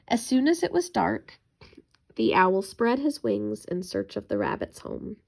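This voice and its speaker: A woman reading a children's bedtime story aloud in a gentle, expressive storytelling manner. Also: medium pitch, a little slow, creaky.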